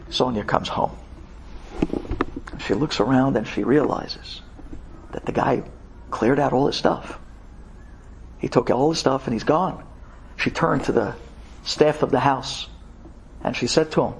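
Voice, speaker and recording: A man, a rabbi, telling a dramatic story in an animated, conversational and emphatic way. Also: a little high, gravelly, breathy edge.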